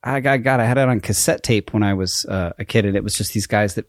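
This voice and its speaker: A man's voice: on the low side, quick pace, no echo, studio quality. A man co-hosting a podcast in casual chat, self-deprecating and rambling, laughing often. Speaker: podcast co-host.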